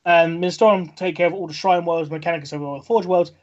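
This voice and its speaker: A man with a southern English accent, a podcast co-host in casual chat, explaining and listing things quickly. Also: a little high, steady tone, a little mellow, highs cut off. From England.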